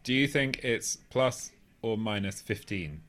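A man co-hosting a casual film talk, animated, with halting restarts. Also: on the low side. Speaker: podcast co-host.

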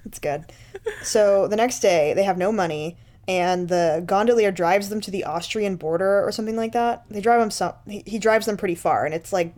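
A woman's voice: medium pitch, normal speed, darkish tone. A woman casually recapping a movie for a podcast, sarcastic and profane, laughing often. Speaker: podcast co-host.

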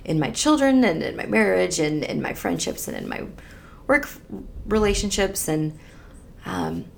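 A woman on a faith podcast recounts a personal moment in an earnest, tender way. Her voice sits low with a gravelly edge. Soft laughs slip in as she talks. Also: very animated, normal speed, a little hiss or hum. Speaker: podcast co-host. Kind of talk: reflective faith podcast conversation.

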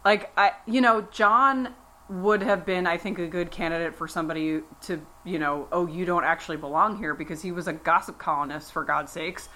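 A woman's voice: on the low side, normal speed, bright, forceful tone, slight background noise. A woman co-hosting a podcast, chatting casually in a rambling way full of restarts and asides. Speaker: podcast co-host. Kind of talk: casual chat.

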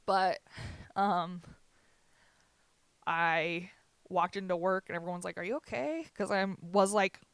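A young woman talking candidly and haltingly on a casual podcast, with many fillers and restarts. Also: fairly low pitch, flat delivery, a bit bright, smooth, no echo. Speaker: podcast host. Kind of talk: casual chat.

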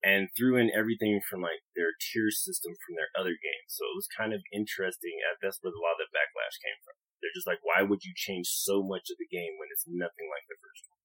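A man's voice: low voice, fairly even intonation, a little fast, pushed and bright, husky, no echo, poor audio. A man on a gaming podcast panel, talking confidently and at length about games. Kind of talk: casual podcast chat.

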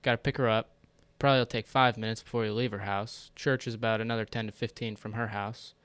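Young dude cohosting a podcast, smooth clear voice, goofing around with friends. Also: male voice, fairly low pitch, little pitch movement, fast talker, a bit bright, no echo. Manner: teasing, goofy. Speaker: podcast co-host. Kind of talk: casual joking chat.

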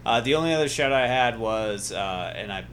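A man's voice: lowish voice, expressive, normal speed, a bit bright, a little hiss or hum. A man from Iowa co-hosting a casual sports podcast, laid-back and dryly teasing his co-host. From Iowa, USA.

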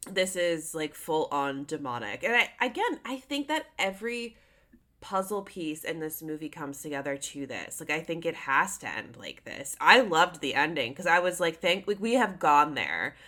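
Woman podcast host, kinda low voice, super lively swooping pitch. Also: moderate pace. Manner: animated, chatty, full of "like". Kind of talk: casual chat.

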